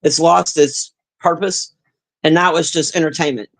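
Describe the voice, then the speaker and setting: A woman's voice: low voice, fairly even intonation, normal speed. Brief: woman streamer, blunt and profane, chatting straight to her viewers, sighing between points. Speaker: livestreamer reading chat. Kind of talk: casual livestream rant.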